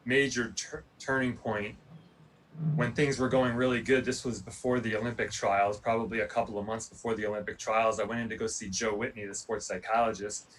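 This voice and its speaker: A man's voice: lowish voice, fairly quick, recorded from a distance, low-quality recording. A man, an Olympic athlete, telling his story casually and animatedly, acting out what people said. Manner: animated, acts out quoted dialogue, many "like" fillers.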